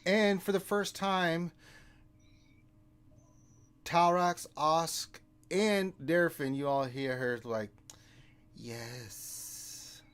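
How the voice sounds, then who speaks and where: A man's voice: a little high, slow pace, long pauses, a bit bright, clear, resonant tone. A man narrating a tabletop role-playing game as game master, in a loose, rambling way.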